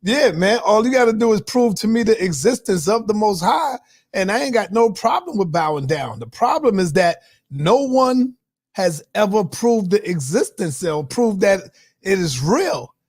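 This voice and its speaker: A man with a high voice who talks in a laid-back, direct way as a panelist, making his point plainly in a casual debate. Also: big pitch swings, normal speed, dry recording, clean studio sound.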